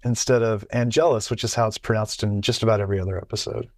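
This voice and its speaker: A man's voice: on the low side, steady tone, fast, dry recording, studio quality. A man co-hosting a podcast in casual chat, talking in bursts full of restarts and repeated words. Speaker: podcast co-host.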